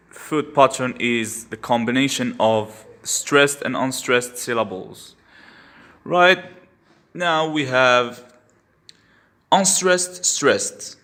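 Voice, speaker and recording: An English literature teacher leads a poetry lesson without hurrying, his middle-pitched voice bright and forceful. He patiently guides students through each step, repeating key terms so they stick.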